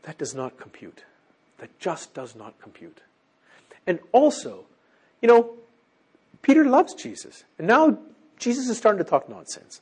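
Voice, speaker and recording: Brief: male preacher, husky, fairly high-pitched, lively delivery that keeps checking in with the congregation. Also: measured pace, pauses often. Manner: animated, keeps checking in with listeners. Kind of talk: sermon.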